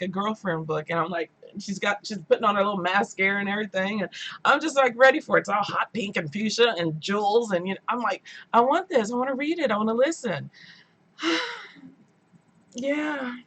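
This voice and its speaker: A chatty woman hosts a live book stream from her room at home. Her voice is bright and forward, and she talks in an animated, loose way with bits of playful mimicry. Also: mid-range voice, quick pace. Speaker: book channel host. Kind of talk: casual live-stream chat.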